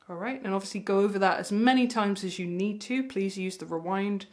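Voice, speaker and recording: An encouraging woman leads a ukulele lesson in a friendly, easygoing way, counting the beats aloud for her students. Her voice sits at a middle pitch for a woman. Loud ukulele playing runs right under her words. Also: a little fast, few pauses, loud music behind the voice. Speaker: ukulele teacher. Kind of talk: music lesson with counting along. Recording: ukulele playing loudly behind.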